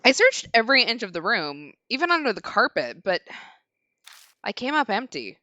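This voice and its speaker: Woman streamer reading a scared young lord stuck in a haunted house, game narration, bright lively voice. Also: on the high side, normal speed, no room sound, muffled recording. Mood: uneasy. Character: haunted young male lord, anxious and weary.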